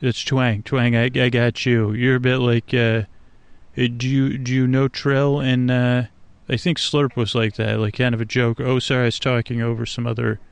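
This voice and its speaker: Rambling man with a gravelly voice. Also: mid-range voice, level tone, normal speed, no echo. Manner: meandering, hesitant, many fillers and restarts, whimsical. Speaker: sleep podcast host. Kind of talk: rambling, drowsy monologue outdoors at night. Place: outdoors by a swamp at night.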